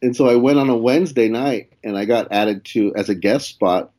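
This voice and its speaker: A man's voice: medium pitch, normal speed, warm tone. A young man, a comedian guest, telling a story in casual chat, swearing and acting out quoted lines. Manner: laid-back, swears, acts out quoted dialogue with laughs.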